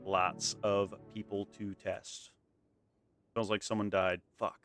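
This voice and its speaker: A man with a fairly low voice talks through a video game on stream. He is laid-back and swears now and then. Faint music plays underneath. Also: level tone, normal speed, a bit bright. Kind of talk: casual gameplay commentary.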